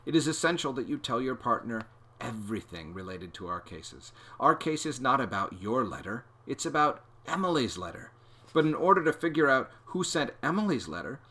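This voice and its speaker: A man voicing a bold young girl detective who talks in a confident, bossy, steady way. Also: mid-range voice, voice pushed up.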